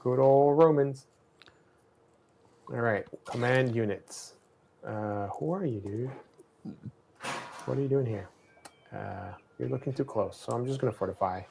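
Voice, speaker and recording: A man casually co-hosting a livestream, playfully and excitably talking through a strategy game. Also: medium pitch, measured pace, creaky, pauses often, a little hiss or hum.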